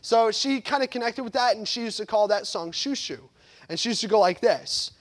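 A man in his thirties delivers a sermon from the pulpit. His voice sits remarkably high for a man, and he swings from loud, emphatic lines to soft, reflective ones. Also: animated, a little fast. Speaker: pastor.

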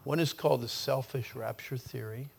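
An older man preaching a sermon with a personal story, animated, his voice surging loud and dropping to near whispers. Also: medium pitch, normal speed, creaky, slightly rough.

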